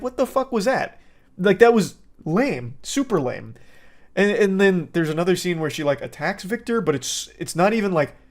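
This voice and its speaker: A man gives a casual, sarcastic rant as a movie reviewer. He sounds exasperated and swears freely. His voice sits a little higher than most men's. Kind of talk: casual ranting commentary.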